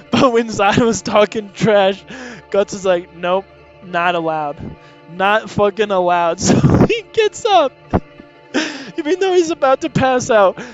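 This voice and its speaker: A young man reading a comic aloud in casual, laughing, profane commentary, on dull lo-fi audio. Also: high voice. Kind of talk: casual read-along commentary. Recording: dull lo-fi audio, faint music.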